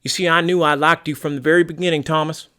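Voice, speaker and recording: A man's voice: fairly high pitch, fairly even intonation, quick pace, bright, forceful tone, clear, resonant tone. A man playing a brash, gun-loving rural American man in a comedy sketch, blustering, crude and folksy. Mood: boastful.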